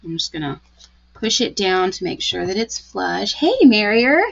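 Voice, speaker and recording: A woman's voice: medium pitch, lively intonation, measured pace, vocal fry, a bit bright, muffled recording. A woman giving a live craft tutorial, chatty and gushing as she talks through each step. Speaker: card-making demonstrator.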